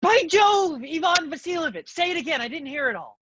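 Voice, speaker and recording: A woman's voice: a little high, sing-song, normal speed, a bit bright, a little hiss or hum. A woman acting a fussy, fawning older male landowner, gushing with theatrical endearments. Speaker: student actor. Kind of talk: stage acting.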